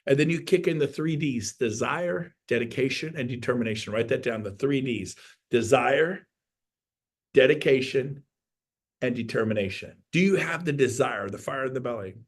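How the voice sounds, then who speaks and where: A middle-aged man giving an energetic, folksy motivational talk to an audience, now and then breaking into loud outbursts. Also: mid-range voice, moderate pace, slightly rough. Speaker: motivational speaker.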